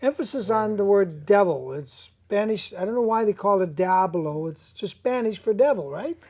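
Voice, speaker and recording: A woman hosting an interview in casual chat, animated and talking through long what-if scenarios. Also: medium pitch, normal speed.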